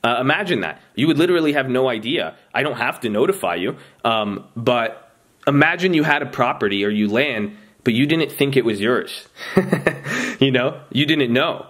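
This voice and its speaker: A man's voice: mid-range voice, expressive, normal speed, fairly bright tone. Host, male, mid-range voice: loose motivational talk to viewers, rambling, restarts sentences, addresses them as you guys. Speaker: trading channel host.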